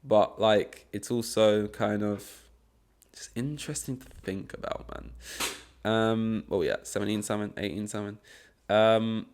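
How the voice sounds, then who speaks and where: A man's voice: fairly low pitch, normal speed, a little mellow. A young man rambling through a casual solo podcast monologue, swearing often, with many fillers and restarts. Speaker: podcast host.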